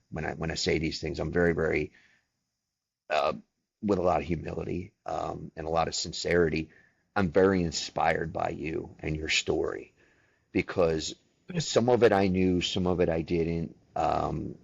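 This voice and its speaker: A man's voice: very deep voice, creaky, no echo. A man co-hosting a podcast interview, affirming and talking in a rambling, digressive way. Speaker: podcast co-host. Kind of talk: casual interview talk. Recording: dull lo-fi sound.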